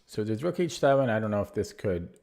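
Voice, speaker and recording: A man's voice: on the low side, sing-song, fast talker, creaky, darkish tone, slight background noise. Man thinking aloud over chess. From Canada. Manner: thinks aloud, repeats words and restarts while calculating; chatty replies to viewer chat. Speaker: chess streamer. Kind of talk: live-stream chess commentary, thinking aloud.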